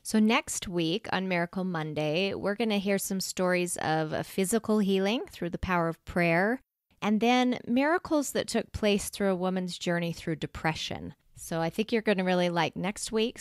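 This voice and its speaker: A woman's voice: medium pitch, moderate pace, dry recording. A woman hosts a faith podcast. Her manner is gushing and tender and edges toward emotion. The sound is close and dry, with no room in it. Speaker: podcast host. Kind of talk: faith podcast outro and interview.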